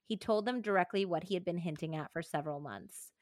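A woman's voice: fairly low pitch, fast, a little mellow, no room sound, studio quality. A young woman hosting a true crime podcast, reading from a book and chatting casually. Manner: reads book excerpts, then chats casually with filler "like". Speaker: podcast host.

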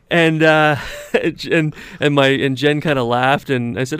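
A man's voice: mid-range voice, fairly even intonation, unhurried, a bit bright, smooth, no room sound. A man on a radio talk show, telling rambling stories with lots of fillers, chatting with the host in the studio. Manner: rambling, anecdotal, many fillers. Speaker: radio weather announcer, show regular. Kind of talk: casual radio talk, storytelling.

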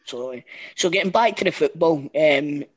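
A man's voice: fairly high pitch, animated, quick pace, lo-fi sound. A man with a Scottish accent, co-hosting a casual podcast chat with a blunt, teasing manner.

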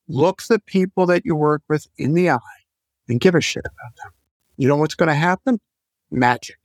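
A man's voice: a little high, animated, normal speed, no room sound, studio quality. Blunt, emphatic male executive coach. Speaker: executive coach, podcast guest. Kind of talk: candid interview talk.

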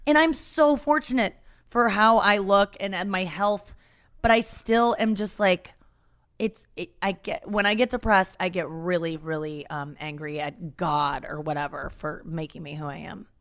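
A woman's voice: fairly low pitch, normal speed, fairly bright tone. A woman talking candidly as a comedian guest in a podcast conversation, frank and self-deprecating, rambling with many restarts.

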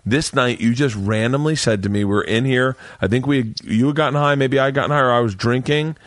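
A man's voice: mid-range voice, a little fast, no room sound, clean studio sound. A man hosting a podcast from his home man cave, rambling through stories with plenty of swearing. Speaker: podcast host. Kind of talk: casual chat.

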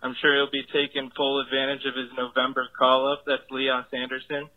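A man's voice: medium pitch, completely flat delivery, a little fast. A man leaving a voicemail for a podcast, offhand and bragging about his weekend plans. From Cincinnati, USA. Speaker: caller. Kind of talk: voicemail message. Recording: tinny phone-line voicemail.

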